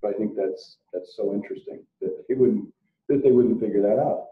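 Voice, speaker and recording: A man co-presenting a salon business webinar, chatting in a relaxed way with frequent restarts. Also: lowish voice, a little fast, a little hiss or hum. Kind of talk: casual webinar discussion. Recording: echoey, phone-like sound from across the room.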